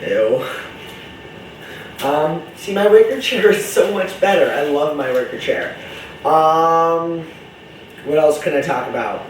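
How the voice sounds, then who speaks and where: A man's voice: on the high side, unhurried, recorded from a distance, slight background noise. A young man rambling in a casual vlog monologue, chatty, campy and profane, jumping between topics. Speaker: vlogger. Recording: roomy echo, voice from off-mic.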